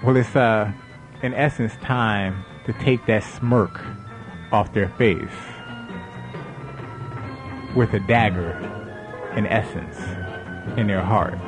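A man delivering political commentary slowly and deliberately, pausing often on fillers. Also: fairly low pitch, over music.

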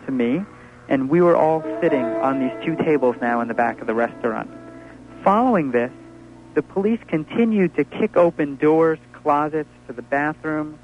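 Male witness, measured testimony, muffled recording with music behind. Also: fairly high pitch. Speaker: witness recounting a police raid. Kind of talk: spoken testimony.

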